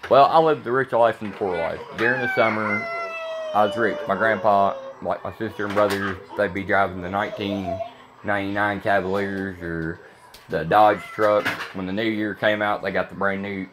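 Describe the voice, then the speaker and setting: Against a noisy background, a deep-voiced man in his thirties delivers a blunt, rambling vlog monologue to camera, going over the same points again and again.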